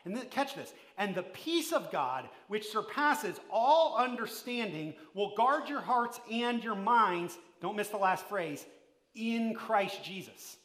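High, bright-voiced man preaching. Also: very animated, slow, roomy sound. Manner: emphatic preaching that swings between loud and hushed; addresses the listeners directly with questions. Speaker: pastor. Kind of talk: sermon.

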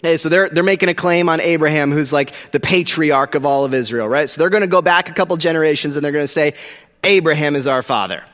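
A man delivers a sermon in a high voice, talking to his listeners in a casual, emphatic way with slangy asides. The sound carries the long reverb of a large hall. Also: fast talker, few pauses, a bit bright. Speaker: pastor.

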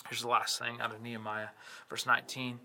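A man's voice: mid-range voice, flat delivery, a little fast, creaky, bright, forceful tone. A man, a pastor, preaching a sermon with impassioned delivery, retelling scripture stories and building in intensity. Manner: storytelling scripture accounts.

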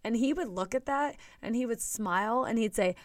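A woman's voice: a little high, normal speed, no echo. A woman coach giving a chatty, earnest motivational talk straight to her viewers.

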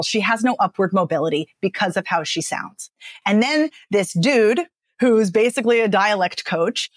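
A woman who works as a speech and dialect coach, talking about her path in a chatty, animated podcast interview and laughing often. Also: mid-range voice, dry recording, clean studio sound.

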